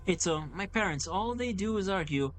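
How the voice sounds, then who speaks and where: An anxious, pleading teenage girl from a video game, read aloud in a gamer's own plain voice. She asks for help in a worried, steady way. The pitch sits in a middle range. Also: moderate pace, soft background music, lightly acted. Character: teenage girl worried about her family. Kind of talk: reading game dialogue aloud.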